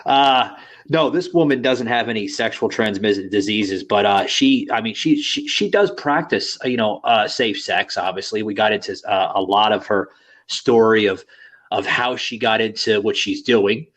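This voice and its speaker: A man's voice: on the low side, animated, normal speed, a bit bright. Rambling male podcast host. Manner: rambling, filler-heavy, crude banter. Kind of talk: casual podcast chat.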